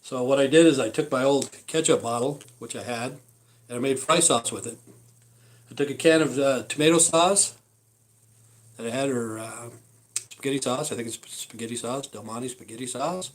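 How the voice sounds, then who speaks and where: A man chatting on a home live stream, rambling from one thought to the next. His talk is loose and full of "you know" and "uh" as he eats. His voice sits at an ordinary middle pitch. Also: moderate pace, poor audio. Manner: rambling, with many fillers and asides. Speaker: vlogger.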